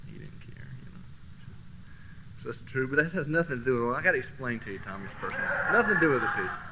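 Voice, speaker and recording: A man teaching a Christian class through personal storytelling, swinging from low murmurs to loud bursts. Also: big pitch swings, fast talker. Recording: dull lo-fi recording with faint hiss.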